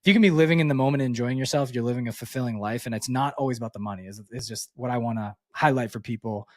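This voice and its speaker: A man's voice: mid-range voice, racing, dry recording, studio quality. A man co-hosting a podcast, asking rambling, friendly questions. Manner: rambling, friendly, restarts often. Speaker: podcast co-host. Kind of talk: casual interview questions.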